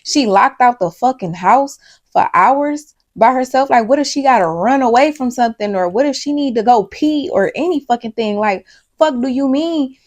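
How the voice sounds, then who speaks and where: A woman's voice: sits high, expressive, normal speed, darkish tone. A woman telling a storytime video, rambling and emphatic, swearing often, talking straight to her viewers and sounding worked up and worried. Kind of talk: casual storytime monologue.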